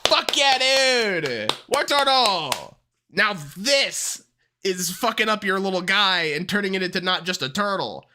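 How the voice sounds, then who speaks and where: A streamer with a medium-pitched voice ranks characters at a moderate pace in a casual livestream. Excitable and full of profanity, the commentary lurches from rants to laughter.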